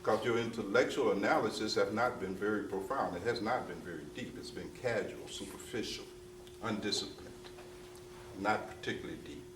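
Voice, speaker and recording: A man's voice: on the low side, brisk, noisy background. A man giving a spiritual discourse to a gathered audience, emphatic and repetitive, often asking "you see?" and slipping into street slang. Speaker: spiritual teacher. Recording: roomy distant mic with faint ambience.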